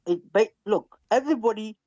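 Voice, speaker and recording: A man's voice: sits high, brisk, mellow, no room sound, muffled recording. A man debating online, insisting on finishing his point and reading verses aloud. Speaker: Muslim debater.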